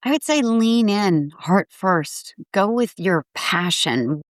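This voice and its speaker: A woman in her forties, a foundation founder appearing as a podcast interview guest, speaks slowly in an animated mid-range voice, upbeat and earnest. She acts out quotes brightly, and the clean studio recording is dry.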